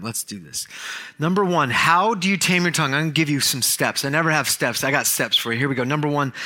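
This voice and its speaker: Male pastor preaching, bright lively voice, cracks jokes mid-story. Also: fairly high pitch. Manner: storytelling, joking, quick asides. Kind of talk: sermon.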